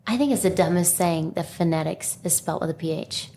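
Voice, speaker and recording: A woman's voice: on the low side, a little fast, dark tone, reverberant, a little hiss or hum. A woman co-hosting a podcast, chatting casually and musing aloud, often losing her train of thought. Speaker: podcast co-host. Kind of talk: casual chat.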